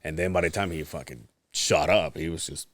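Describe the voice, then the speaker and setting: A man's voice: rumbling low, brisk, no echo. A man co-hosting a podcast, telling a story in casual chat, swearing and acting out what people said. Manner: profane, animated storytelling with acted-out quotes. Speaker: podcast co-host.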